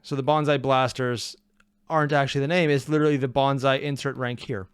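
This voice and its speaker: Reaction host, man, wry and chatty, dry close sound, mid pitch. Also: steady tone, fairly quick, clear, resonant tone, no room sound. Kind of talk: casual reaction commentary.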